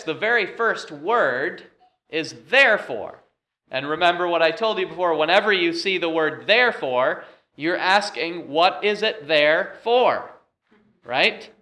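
A man's voice: high voice, bright, forceful tone. A man preaching a sermon as pastor, moving from a homey story into emphatic repeated scripture lines.

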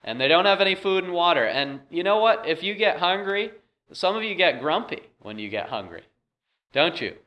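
A man's voice: sits high, big pitch swings, normal speed, highs cut off. A man preaching a sermon as pastor, talking in a conversational way with frequent "uh" fillers.

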